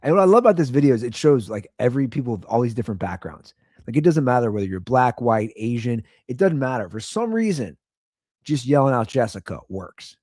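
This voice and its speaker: A man's voice: medium pitch, big pitch swings, a little fast, a little mellow, dry recording, studio quality. A man in his thirties hosting a podcast, ranting sarcastically in a comedic solo riff. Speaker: podcast host.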